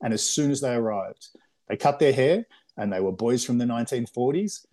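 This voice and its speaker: Animated Australian man telling stories. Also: mid-range voice, a little fast. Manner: animated storyteller, acts out voices, many fillers. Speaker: film director. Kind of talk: casual interview talk.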